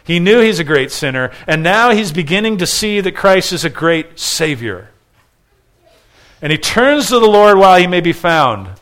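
A man with a fairly high pitch preaches an expository sermon, earnest and emphatic. He swings from loud stresses to hushed pleading and stacks short, repeated phrases.

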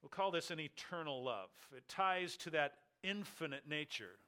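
A man delivers a sermon in a bright, forceful voice pitched a little above the usual. He drives his points home by repeating key phrases. He poses rhetorical questions and answers them himself. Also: animated, normal speed. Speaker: pastor. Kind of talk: expository sermon.

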